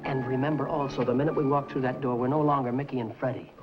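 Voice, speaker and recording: A man's voice: medium pitch, fairly even intonation, quick pace, lightly acted. A young man playing a brash, bossy comic lead in a 1950s sitcom. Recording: dull, hissy 1950s TV soundtrack.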